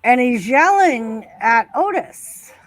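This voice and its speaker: A woman's voice: on the high side, sing-song, takes it slowly, dry recording. A woman co-hosting a live stream, chatting casually and reacting to wrestling. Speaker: stream co-host.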